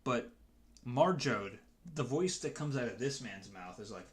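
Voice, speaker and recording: A man's voice: medium pitch, expressive, a little slow. A man chatting casually to his stream viewers as a dungeon master, rambling and hesitant with many restarts.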